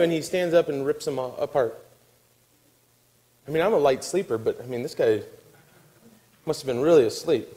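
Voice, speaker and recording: A man preaching a sermon, telling a story with acted-out quotes and dropping to a hushed, weary tone. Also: fairly high pitch, a little fast, rough recording. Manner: animated storytelling, acting out quotes, dropping to a soft hush. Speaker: pastor.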